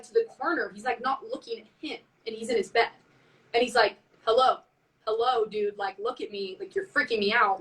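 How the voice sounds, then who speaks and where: A woman telling a spooky story in casual chat on a live stream, animated and full of "like", acting out what people said. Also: on the high side, distant mic, poor audio. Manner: animated, heavy use of "like", acts out quotes. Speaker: band member on a live stream.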